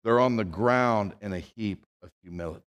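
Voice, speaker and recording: A man preaching a sermon as a pastor, with dramatic swings from hushed, low reading to loud, raised proclamation. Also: moderate pace. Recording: long hall reverb.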